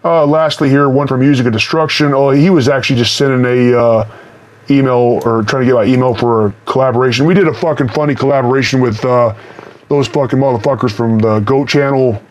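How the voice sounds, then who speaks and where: A man's voice: medium pitch, steady tone, fairly quick. A man with a mild Texas accent, speaking through a voice changer, answers viewer questions in blunt, profane, rambling casual chat.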